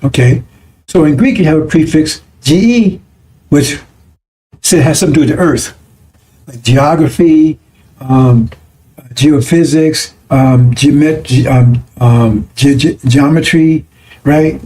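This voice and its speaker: A male preacher teaches his congregation in a loose, conversational way. His voice sits a little high and has a dark, mellow tone, and he keeps stopping to check that his listeners follow him. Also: takes it slowly. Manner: conversational, repeats 'right?' and 'see?' to check listeners. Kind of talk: broadcast sermon teaching.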